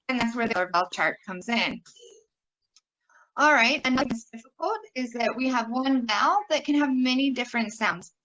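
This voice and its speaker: Upbeat young woman workshop presenter, a bit high-voiced, exaggerates sounds for teaching. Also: fairly bright tone, rough recording.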